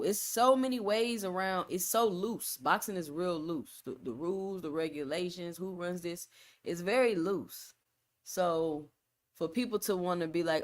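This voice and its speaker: A woman from Texas with a Texan accent, hosting a solo live stream, talking in an emphatic, repetitive way with casual slang and reading the chat. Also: fairly low pitch. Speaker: boxing channel host.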